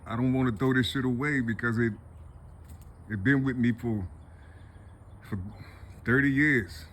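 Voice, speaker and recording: Middle-aged man, rambling, profane, repetitive, tearful, mid-pitched voice, faint noise behind. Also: fairly even intonation, measured pace, a bit bright. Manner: rambling, repetitive, profane, full of "you see". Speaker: vlogger. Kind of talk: rambling emotional monologue.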